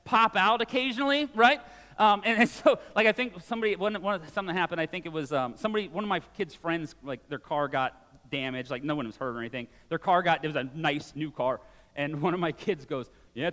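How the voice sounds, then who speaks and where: A man in his forties preaching a sermon in a church, conversational and animated, with casual asides. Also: fairly high pitch, big-room sound. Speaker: pastor. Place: church sanctuary.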